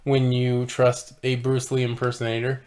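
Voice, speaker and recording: A man's voice: mid-range voice, completely flat delivery, normal speed, a little mellow. A man co-hosting a podcast, joking and laughing through a casual, profane film review. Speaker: podcast co-host.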